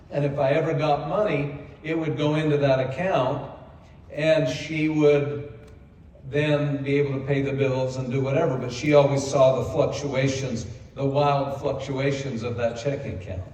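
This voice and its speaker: An older man, a company co-founder, telling a personal story in a folksy, self-deprecating way, hoarse from speaking. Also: medium pitch, darkish tone, slight background noise. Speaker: company co-founder giving a convention speech. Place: large convention hall. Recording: echoey hall from far off.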